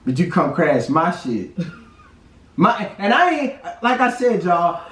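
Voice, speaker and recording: High, lively man teasing in an echoey room. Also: slow pace. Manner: teasing, laughing, cuts in with strings of "no". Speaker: vlogger co-host. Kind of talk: casual storytime chat. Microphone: camera mic from a few feet away. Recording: roomy sound, mic at a distance.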